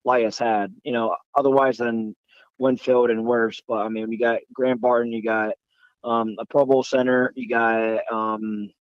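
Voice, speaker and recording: A man's voice: mid-range voice, little pitch movement, normal speed, clear, resonant tone, dry recording. A man from Florida calls in, hesitant and a little tired, filling gaps with ums. His voice comes over a dull, muffled phone line with no room sound. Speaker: caller. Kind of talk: casual phone call.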